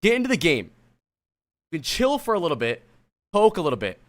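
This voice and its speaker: A man's voice: a little high, wildly swooping pitch, a little fast, fairly bright tone. A man coaching a player on a live stream, blunt, exasperated and profane, turning to chat as he lectures. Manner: talks to chat while lecturing a student. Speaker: streamer coach reviewing gameplay.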